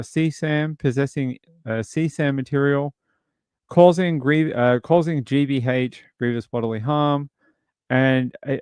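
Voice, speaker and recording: A man's voice: on the high side, clear, resonant tone, no echo, studio quality. A British man hosting a true crime livestream, talking casually and reading out chat messages. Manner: rambling, reads chat aloud. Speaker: streamer host.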